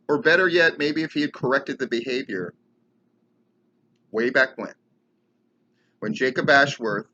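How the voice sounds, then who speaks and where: With a mid-range voice that's bright and forceful, a male podcast host and wrestling commentator rants heatedly and sarcastically, swearing throughout his show. The sound is lo-fi with slight background noise.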